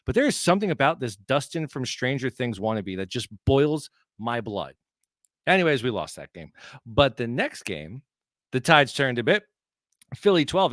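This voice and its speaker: A man's voice: mid-range voice, fairly bright tone, no room sound, studio quality. A man co-hosting a sports podcast in a casual chat, with a wry, sarcastic, cheeky manner. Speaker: podcast co-host.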